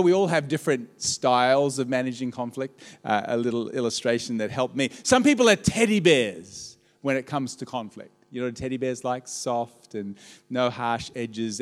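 A man preaching a sermon as pastor, telling stories with lively swings and calling out to his congregation. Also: mid-range voice. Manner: animated storytelling with audience call-outs. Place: church auditorium. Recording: long hall reverb.

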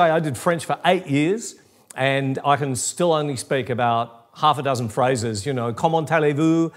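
A middle-aged pastor delivers a sermon in a relaxed, conversational manner. He mixes scripture reading with light humorous asides. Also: mid-range voice.

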